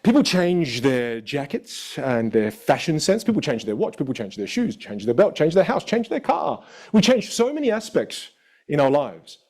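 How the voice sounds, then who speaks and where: A man teaching a live online masterclass as a vocal coach, telling stories in an animated, expressive way. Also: a little high, normal speed.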